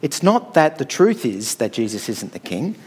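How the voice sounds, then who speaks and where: A man's voice: medium pitch, very animated, normal speed, slightly rough. A middle-aged man preaching a sermon in a conversational, storytelling way, often checking in with "all right?".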